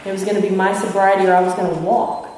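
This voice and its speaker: A young woman tells her recovery story to a crowded convention, candid and self-mocking, slipping into the voices of the people she quotes. She is picked up from far away, so her voice rings through the hall's long reverb, and soft room ambience hums underneath. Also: mid-range voice, level tone, quick pace, a little hiss or hum. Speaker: AA speaker sharing her story. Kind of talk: recovery testimony to a live audience. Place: large convention hall with an audience. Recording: echoey hall from far off.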